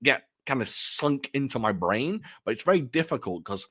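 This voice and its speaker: A man's voice: mid-range voice, very animated, normal speed, pushed and bright. A man casually chatting at home about films he has bought, rambling and poking fun at himself. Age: adult. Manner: rambling, chatty, self-deprecating. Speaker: film collector vlogger. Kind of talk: casual chat showing off purchases.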